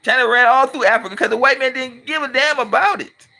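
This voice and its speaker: A man's voice: very high voice, fast, gravelly, bright, forceful tone. A middle-aged man from California, hosting his channel with a casual, blunt and emphatic opinionated monologue. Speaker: channel host and commentator.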